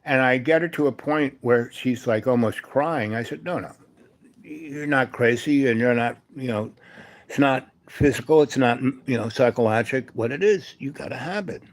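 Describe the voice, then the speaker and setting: A man hosting a live stream, telling a meandering personal story full of fillers and asides, sometimes dropping to a soft, hushed voice. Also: mid-range voice, normal speed. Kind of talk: rambling storytelling monologue.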